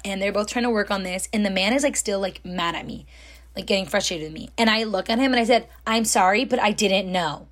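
A young woman telling a story in a casual, chatty way, full of fillers and animated when she quotes people. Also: mid-range voice, fast. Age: young adult. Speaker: storytime host.

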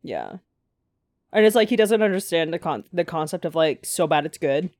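A young woman with a lowish voice chats on a podcast, close to the mic. She swears freely and tosses out trivia. The sound is dry and close. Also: expressive, normal speed, darkish tone, no echo. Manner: chatty, profane, trivia-sharing. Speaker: podcast co-host. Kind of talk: casual chat.

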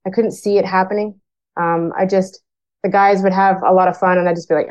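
A Canadian woman who works as a firefighter shares her story as a guest, speaking frankly and plainly and acting out conversations she remembers. Her medium-pitched voice is level, a little mellow and slightly fast. The recording has its highs cut off.

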